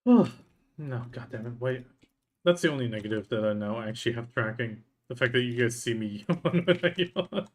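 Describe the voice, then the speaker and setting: A man streams a game live and chats loosely as he plays. He talks half to himself, half to his viewers, and greets newcomers. His voice sits at an ordinary middle pitch. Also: lively intonation, moderate pace. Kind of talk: casual live-stream chat while playing.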